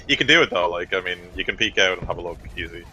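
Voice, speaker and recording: A man with a low, bright voice runs a tabletop game, describing the scene in loose, rambling narration full of fillers. A light hiss of noise sits under the recording. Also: animated, quick pace, poor audio. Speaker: game master.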